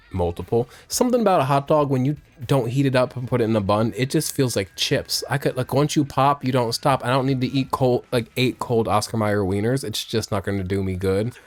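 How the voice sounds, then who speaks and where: A man giving crude, joking commentary while playing a video game. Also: lowish voice. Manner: jokey, crude, rambling asides. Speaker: let's play streamer. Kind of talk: casual gameplay commentary.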